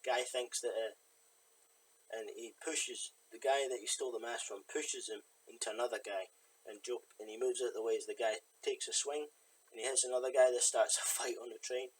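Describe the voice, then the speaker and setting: Retelling a film's story for a review, this man rambles through fillers and side remarks in a casual spoken recap. His medium-pitched voice is steady and moderately paced, on a low-quality recording with a little hiss or hum.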